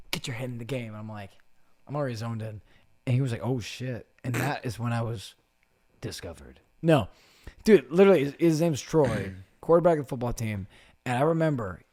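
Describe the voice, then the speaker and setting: Young guy on a podcast, super animated, jumps all over in pitch, swears, does voices for everyone. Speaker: podcast guest. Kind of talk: casual storytelling chat.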